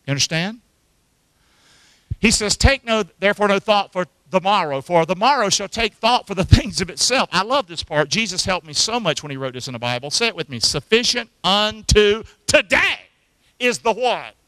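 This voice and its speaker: Bright-voiced, dramatic male preacher. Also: high voice, fairly quick, dry recording, rough recording. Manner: calls for congregation responses, animated preaching. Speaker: pastor. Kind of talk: sermon.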